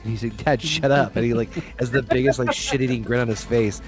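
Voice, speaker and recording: A man's voice: mid-range voice, steady tone, quick pace, faint music behind. A middle-aged man hosting a casual gaming chat, swearing and joking, reading lists aloud. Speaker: host.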